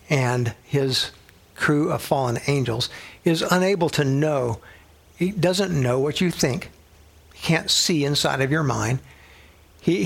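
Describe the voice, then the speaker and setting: A man's voice: a little high, gravelly, breathy edge. A man teaching a Bible study in an earnest, conversational way, dropping to a whisper to stress a point.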